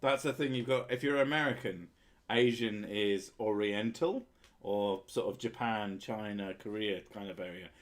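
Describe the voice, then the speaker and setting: A man's voice: lowish voice, moderate pace. A man hosting a podcast, talking in a blunt, sweary and opinionated way in casual chat. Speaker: podcast host.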